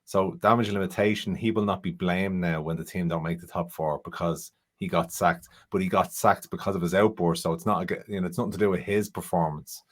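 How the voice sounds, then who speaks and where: A man's voice: low-pitched, fairly even intonation, fairly quick, hardly any pauses. A man co-hosting a football podcast, easygoing and rambling as he gives his opinions. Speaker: podcast co-host. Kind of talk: casual chat.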